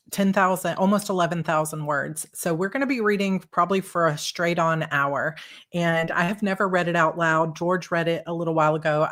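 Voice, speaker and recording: Chatting with her audience, a female author comes across as bubbly and excitable, often restarting her sentences quickly, before she reads aloud from her own novel live. Her voice sits low.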